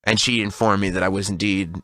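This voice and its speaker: A radio co-host in his thirties telling a long story in casual banter, animated and laughing often. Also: deep voice, fast talker, no echo. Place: radio studio.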